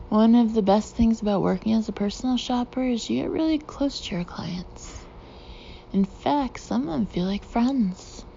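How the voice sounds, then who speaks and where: A woman narrating a first-person audiobook expressively, slipping into soft breathy asides. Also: medium pitch, dull audio, slight background noise.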